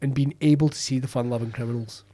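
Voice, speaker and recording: A Scottish comedian telling a rambling, sweary anecdote in a casual podcast chat. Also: male voice, mid-range voice, fairly even intonation, fast talker, warm tone, no echo. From Scotland. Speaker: comedian guest.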